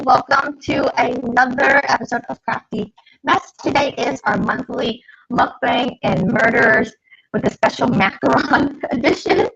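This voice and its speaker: Chatty woman co-host with gravelly fry. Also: high-pitched, fairly bright tone, highs cut off. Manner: chatty, laughing, eating while talking. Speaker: podcast co-host. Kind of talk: casual chat livestream.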